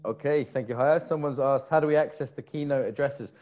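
A man's voice: medium pitch, fairly quick, a little mellow, highs cut off. A man co-hosting a live online conference stream, chatty and jokey. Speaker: conference co-host. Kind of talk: casual live-stream chat.

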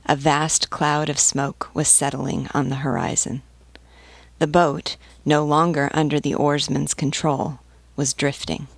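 A woman reading a novel aloud in a steady, measured narration. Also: low voice, creaky, slightly rough, dry recording. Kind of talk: audiobook reading.

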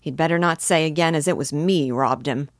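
A sullen, defensive villager grumbles back, as a woman reader plays him. The voice is low and muttering. The reading is dry and close. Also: a little fast, no room sound.

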